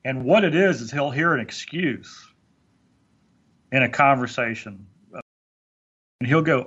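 A man's voice: medium pitch, a little slow, pauses often, a bit bright, breathy edge, highs cut off. A man talking earnestly on a motivational podcast, stumbling into restarts as he makes his points. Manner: earnest, preachy, with many restarts. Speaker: podcast guest speaker.

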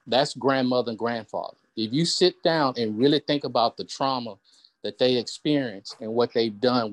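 A man with a Southern US accent on a group call, explaining step by step with halting restarts. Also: medium pitch. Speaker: caller.

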